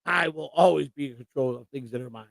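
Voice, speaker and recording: A man's voice: fairly high pitch, quick pace, creaky, no room sound. A man co-hosting a casual live stream, talking bluntly and profanely in long rants. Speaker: co-host.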